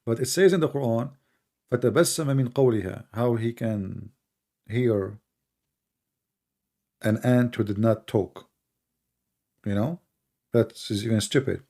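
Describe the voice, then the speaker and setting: A man hosting a heated debate on a call, blunt and mocking, quizzing his guest and reciting Arabic verses quickly, his voice worn from long talking. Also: mid-range voice, vocal fry, dark tone. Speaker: host.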